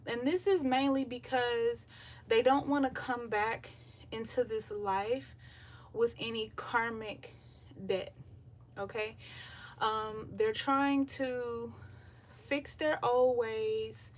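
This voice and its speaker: A woman giving a live tarot reading in a relaxed, chatty way with lots of filler ums, out of breath as she talks. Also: fairly high pitch, slow. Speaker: tarot reader. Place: home by the beach, windows open. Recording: voice a bit far from the mic, faint surf noise. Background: faint beach waves.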